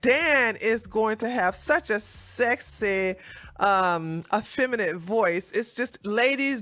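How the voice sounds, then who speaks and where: A woman's voice: a little high, sharp tone, dry recording. Sarcastic woman ranting into a dry mic. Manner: sarcastic, mocking, laughs often. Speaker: political commentary host. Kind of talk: casual ranting commentary.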